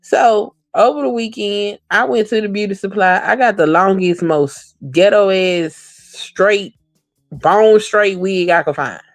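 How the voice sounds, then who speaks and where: A woman's voice: medium pitch, measured pace, dry recording, rough recording. Woman on a podcast going off, cussing, telling stories all fired up, dry close sound. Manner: blunt and profane, animated storytelling. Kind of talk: casual podcast chat.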